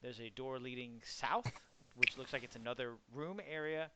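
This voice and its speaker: A man's voice: medium pitch, moderate pace, heavy background noise. A young man running an online tabletop game as game master, describing the scene in a casual, filler-heavy way. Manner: casual, loose, many fillers.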